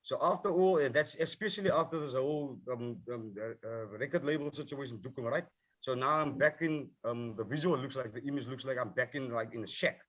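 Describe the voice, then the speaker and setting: A man's voice: medium pitch, a little fast, fairly bright tone, lo-fi sound. A man, a rapper on a panel, talking with passion and heat, swearing often and repeating himself. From South Africa. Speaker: rapper, film subject. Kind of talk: heated panel discussion.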